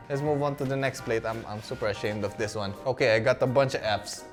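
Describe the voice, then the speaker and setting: A man's voice: medium pitch, quick pace, over music. A young man from the Philippines, casually talking through his old school work, chatty and self-mocking with frequent laughs. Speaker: vlogger.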